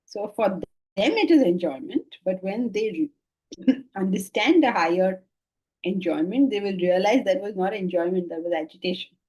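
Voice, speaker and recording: A woman's voice: medium pitch, lively intonation, normal speed, darkish tone. A middle-aged woman, giving a spiritual discourse to a class, speaking conversationally and acting out people's replies. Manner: conversational, acts out quoted replies, laughs often. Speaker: Vedanta teacher. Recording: dull lo-fi class recording.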